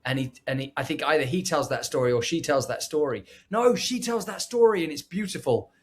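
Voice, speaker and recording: Male film podcast co-host, upbeat and animated, voice a touch high. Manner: enthusiastic, quick to agree, animated. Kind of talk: casual film review chat.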